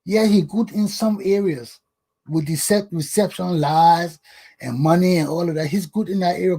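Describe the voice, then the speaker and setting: A man's voice: high voice, dark tone. An older man from Liberia with a Liberian English accent, hosting his own talk show in a scolding, emphatic lecturing monologue that repeats words for stress.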